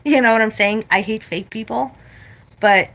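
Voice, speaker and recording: A woman telling a story in a casual vlog rant, blunt and profane, animated as she retells it. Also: a little high, moderate pace. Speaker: vlogger.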